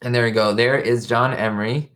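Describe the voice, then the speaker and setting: A man's voice: mid-range voice, steady tone, a little fast, a bit bright. Chatty man hosting a live stream. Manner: chatty, rambling, reads viewer chat aloud. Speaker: show host. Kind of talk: casual live-stream commentary. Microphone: webcam live stream.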